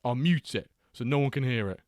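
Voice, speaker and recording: A man's voice: mid-range voice, animated, fairly quick, darkish tone, dry recording, clean studio sound. A man hosting a live watchalong stream, reading chat aloud and bantering with a jokey, laughing manner.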